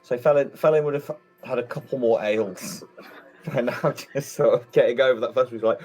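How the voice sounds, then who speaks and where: Mellow-voiced tabletop player, a man. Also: medium pitch, brisk, faint music behind. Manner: animated, stammering in character. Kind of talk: playing a tabletop game.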